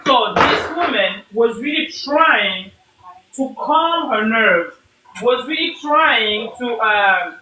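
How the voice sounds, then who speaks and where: A woman's voice: a little high, lively intonation, slow, noisy background. A woman hosting a live talk as a coach for mothers, speaking earnestly and repeating her points, greeting viewers by name. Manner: repetitive, earnest, preachy. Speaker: host and mom coach. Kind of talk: motivational live-stream talk. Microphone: phone, audio-only live.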